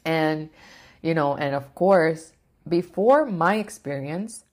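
Low-voiced woman telling a personal story. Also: animated, takes it slowly, a little mellow. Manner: rambling, filler-heavy, restarts often. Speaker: vlogger.

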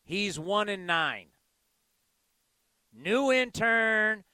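A man's voice: high-pitched, lively intonation, pushed and bright, clean tone, no echo. A man hosting sports call-in radio, joking in a playful, sarcastic way. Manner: playful, sarcastic, drawn-out delivery. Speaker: radio talk show host.

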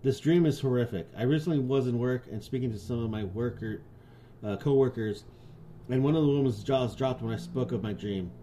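Crude joking podcast man, dark voice. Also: medium pitch, brisk, slight background noise. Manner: crude, joking, laughs a lot. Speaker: podcast co-host. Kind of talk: casual chat, reading stories aloud.

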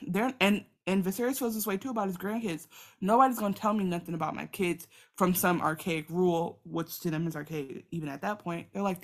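A woman co-hosting a podcast, chatting casually about a TV episode and acting out characters' lines in quick asides. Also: on the low side. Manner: animated, acts out characters in quoted asides. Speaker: podcast co-host. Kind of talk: casual TV recap chat.

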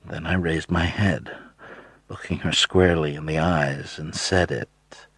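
Male audiobook narrator, deep voice, dry close-miked sound, measured storytelling. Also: fairly even intonation, creaky, fairly bright tone, breathy edge, no echo. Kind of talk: first-person novel narration.

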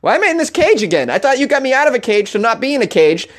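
A man voicing a cheerful male rescue dog talking in high, excited questions. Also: very fast. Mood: eager, alarmed.

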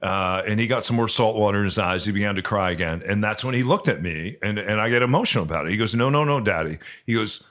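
A man co-hosting a podcast who tells a personal story in earnest, halting speech full of restarts. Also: lowish voice, fairly bright tone. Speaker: podcast co-host. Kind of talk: storytelling in casual chat.

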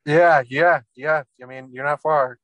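A man's voice: on the high side, steady tone, measured pace, a bit bright, dry recording. Crude, joking man in a dry room. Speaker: podcast co-host. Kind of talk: casual chat.

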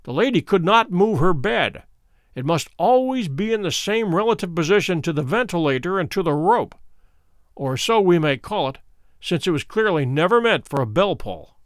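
A man reading as Sherlock Holmes, calm and probing. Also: high voice, dry recording, studio quality. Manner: measured, probing questions. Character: shrewd calm male detective, middle-aged.

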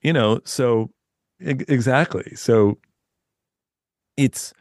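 A man's voice: mid-range voice, takes it slowly, no room sound, studio quality. A man speaking as an author guest in a casual podcast interview, chatty and laughing often, with frequent restarts.

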